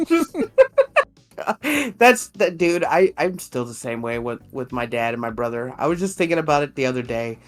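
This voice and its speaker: A man's voice: medium pitch, fairly quick, hardly any pauses. A young man co-hosting a podcast in casual chat, rambling, laughing often and swearing. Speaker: podcast co-host.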